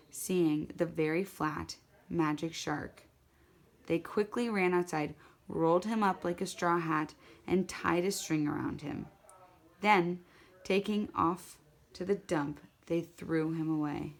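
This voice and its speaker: Woman telling a children's story, lowish voice. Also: slow pace. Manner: animated, repetitive read-aloud telling with slips. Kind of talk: storytelling to an audience.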